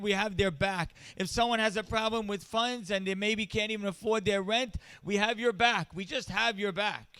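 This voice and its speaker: A man's voice: high-pitched, sharp tone, clean tone, dry recording. A man giving an impassioned inspirational speech at a charity event, building his points through repeated refrains.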